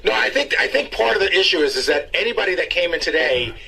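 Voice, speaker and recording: A man's voice: sits high, animated, quick pace, creaky, sharp tone, slightly rough. A man producing a radio show, answering the host in an apologetic, defensive way. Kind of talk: casual radio banter.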